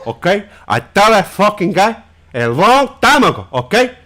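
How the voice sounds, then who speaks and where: A man's voice: high-pitched, big pitch swings, quick pace, a bit bright. Guy doing a cursing gangster boss, big swagger, voice jumps around a lot. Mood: blustering. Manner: cursing, tough-guy bluster. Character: brash, foul-mouthed male movie gangster, middle-aged.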